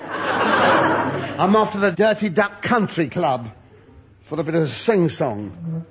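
Camp older male comedian, lively. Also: a little high, takes it slowly. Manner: camp, innuendo-laden, mock-flustered. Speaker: stand-up comedian. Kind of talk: comic monologue with sketch dialogue. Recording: live audience recording with noise. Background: audience laughter.

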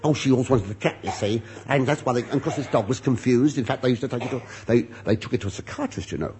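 A man's voice: mid-range voice, quick pace, darkish tone. A man telling a rambling, self-mocking comic monologue with muttered asides. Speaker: comedian.

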